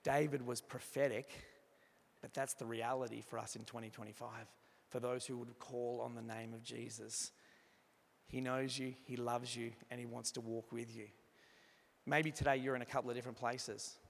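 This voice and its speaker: A man preaching an evening church sermon, earnest, moving from emphatic passages to hushed, soft ones. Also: medium pitch, flat delivery, normal speed, creaky. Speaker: pastor. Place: church hall. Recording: reverberant hall sound.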